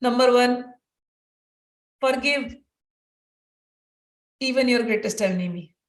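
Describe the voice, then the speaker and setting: A woman's voice: fairly high pitch, takes it slowly. A woman giving an earnest devotional teaching talk, telling personal stories and repeating phrases for emphasis. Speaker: spiritual teacher. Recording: roomy distant mic.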